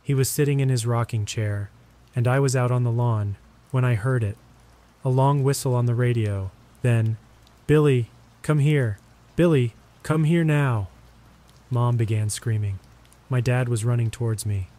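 Dark-voiced male horror narrator. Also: medium pitch. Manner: steady, measured storytelling delivery. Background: rain.

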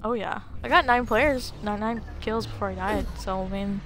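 A woman chatting casually while gaming with friends, chatty, self-mocking and quick to laugh. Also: medium pitch. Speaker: gamer playing with friends. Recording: game music behind.

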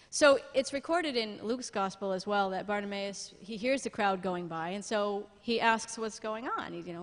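A middle-aged woman pastor preaching a sermon in an animated way, often laughing and building to loud emphatic peaks. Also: mid-range voice, unhurried. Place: church sanctuary. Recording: long church-hall reverb.

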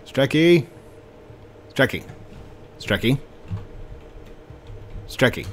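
A man's voice: mid-range voice, lively intonation, takes it slowly, long pauses, a little hiss or hum. A young man streaming a game live, playful and joking with friends. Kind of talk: casual gameplay live stream.

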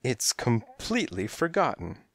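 A man's voice: medium pitch, huge pitch swings, a little slow, a bit bright, no room sound, full character voice. A man voicing a wisecracking cat detective. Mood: wry. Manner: wry, mock-innocent. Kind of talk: audiobook character voice.

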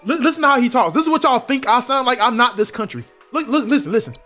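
A man's voice: extremely high pitch, fast, faint music behind. A young man from South Carolina, giving joking, casual commentary on a game and talking to his chat. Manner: animated, joking, talks to chat. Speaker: streamer.

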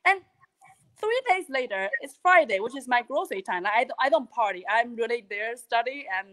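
High-voiced woman. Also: brisk. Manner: animated, earnest storyteller with frequent restarts. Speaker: interview guest. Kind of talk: casual live video interview. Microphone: video call.

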